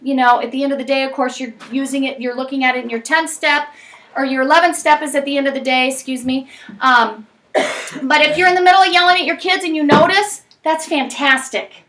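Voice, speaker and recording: A woman's voice: high voice, fairly even intonation, a little fast, a bit bright, far from the mic. A woman leading a parenting class for people in recovery, talking frankly and emphatically with many tag questions. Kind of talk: recovery group lesson. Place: meeting room with group.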